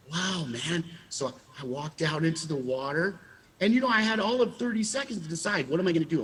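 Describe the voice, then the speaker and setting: A man, a former child actor, telling animated stories in a casual interview and acting out the quotes. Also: high voice, husky. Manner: animated storyteller, acts out quotes with laughs.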